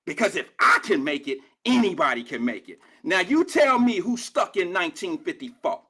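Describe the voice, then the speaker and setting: A man's voice: high-pitched, big pitch swings, moderate pace, bright, forceful tone, slightly rough. A middle-aged man from Cincinnati hosting a live call-in show, ranting in a fiery, profane and confrontational way at his critics. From Cincinnati, USA. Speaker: talk show host.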